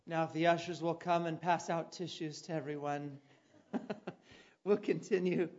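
A man preaching a sermon, telling a personal story with dramatic turns and loud calls. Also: fairly high pitch, fairly even intonation, a little slow, lo-fi sound, slight background noise. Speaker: pastor.

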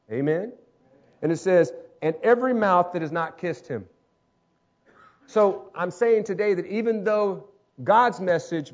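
A man preaching a sermon, dramatic, acting out voices and swinging between loud calls and hushed lines. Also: sits high. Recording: dull lo-fi sound.

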